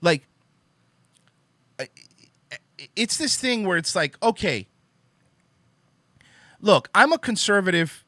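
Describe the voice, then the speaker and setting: A man's voice: high voice, very animated, slow pace, pauses often, sharp tone, dry recording. A young man hosting a podcast, ranting in a casual opinion monologue, profane and emphatic. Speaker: podcast host.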